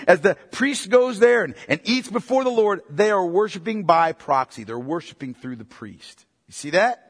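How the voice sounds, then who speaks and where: Male pastor teaching scripture, high and slightly breathy voice, quizzes the congregation, hammers points by repeating them. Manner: asks rhetorical questions, repeats key points. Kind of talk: expository Bible sermon. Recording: long reverb of a hall.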